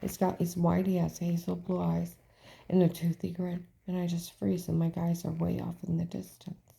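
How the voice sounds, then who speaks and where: A woman's voice: on the low side, monotone, normal speed, vocal fry, dark tone. A woman telling a personal story in a rambling, emphatic way, often dropping to a whisper. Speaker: storyteller recounting events.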